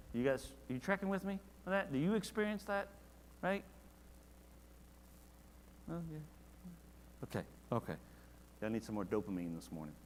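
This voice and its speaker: A man whose voice runs on the high side teaches a church Bible study in a large hall. He talks conversationally, regularly throwing questions to the class, and becomes lively when reciting scripture.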